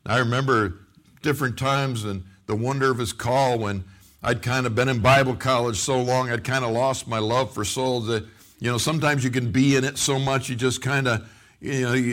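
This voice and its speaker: A middle-aged man preaching a sermon as a pastor, telling stories with acted-out quotes and frequent repeated words and restarts. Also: medium pitch. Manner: animated storytelling with acted-out quotes.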